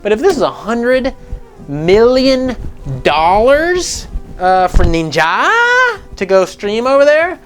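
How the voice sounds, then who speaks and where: A man's voice: high voice, big pitch swings, slow. A young man hosting a gaming news show, ranting casually with a rambling, sarcastic, profane manner. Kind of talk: casual rant commentary.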